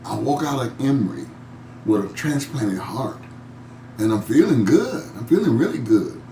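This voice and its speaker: A man leads a Bible study in a relaxed, conversational way, chuckling as he goes and doubling back on his words. He reads a verse aloud and then talks it through. He is recorded from some way off in a reverberant church room, with a faint hum underneath. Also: medium pitch, normal speed. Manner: chuckles often and repeats words while searching for the point. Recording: echoey room, mic at a distance, faint hum.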